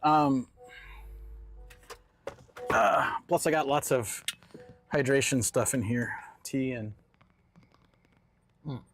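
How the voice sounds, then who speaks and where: A man's voice: medium pitch, slow pace, gravelly, long pauses, fairly bright tone, faint music behind. A man chatting casually on a live stream, telling rambling stories and laughing often. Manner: laid-back, rambling storyteller, laughs often. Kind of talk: casual live-stream chat while out and about.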